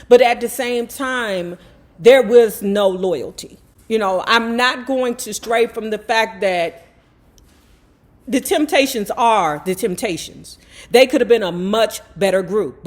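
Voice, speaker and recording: A woman reading a memoir aloud to her viewers and breaking off for blunt, profane commentary. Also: a little high. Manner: blunt, profane, animated asides. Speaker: YouTube host reading a memoir.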